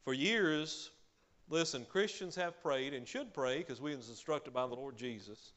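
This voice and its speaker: A man preaching a sermon, emphatic, swinging between loud declarations and quiet asides, often adding "hallelujah.". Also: medium pitch, a little slow. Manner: peppers speech with hallelujah.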